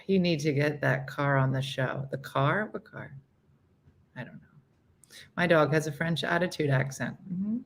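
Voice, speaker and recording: A middle-aged woman hosting a casual morning show, reading viewer comments in a playful, laughing manner. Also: low-pitched. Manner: playful, laughing, mimics pets' voices.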